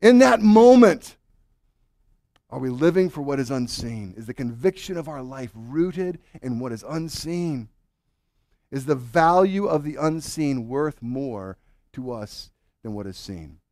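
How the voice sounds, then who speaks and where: A married man preaching a sermon to his congregation, swinging from loud urging to hushed, earnest questions. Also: medium pitch, dry recording, studio quality. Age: adult, married with children. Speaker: pastor.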